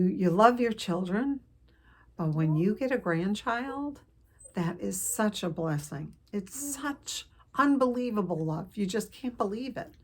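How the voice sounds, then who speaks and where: An older woman telling a personal family story to camera, earnest and emotional, with pauses and restarts. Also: medium pitch. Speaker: counselor vlogger.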